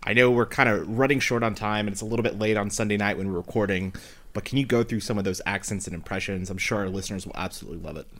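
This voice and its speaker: A man hosts a podcast and rattles through his questions at a quick clip in a lowish voice. He is eager and generous with praise for his guest. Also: a bit bright. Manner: enthusiastic, effusive praise. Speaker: podcast host. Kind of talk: interviewing a guest.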